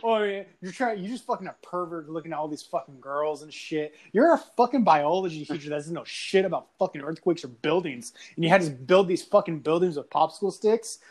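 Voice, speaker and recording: A young man with a notably high-pitched voice rants through a high school grudge story, cursing freely and laughing as he goes. His delivery is animated and loose, like casual chat among friends. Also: brisk, hardly any pauses. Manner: animated, swearing often, laughing through lines. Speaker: podcast guest telling a story.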